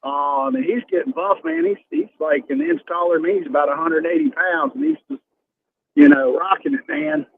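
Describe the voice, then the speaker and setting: A man in his forties calling into a radio show from his car on the highway, friendly and rambling. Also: very animated, moderate pace, vocal fry, husky. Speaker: caller. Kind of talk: casual phone call. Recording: tinny phone line with road noise.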